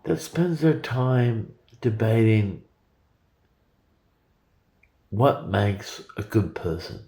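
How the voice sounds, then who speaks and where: A man's voice: fairly low pitch, lively intonation, very slow, gravelly, dark tone, echoey room. A man in his forties talking in a rambling, profane monologue with frequent stammered repetitions. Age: 40s.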